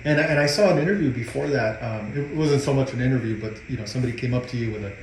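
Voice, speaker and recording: A man's voice: mid-range voice, very fast, darkish tone, very echoey, slight background noise, rough recording. A man hosting a casual interview, asking hedging, rambling questions. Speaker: podcast host.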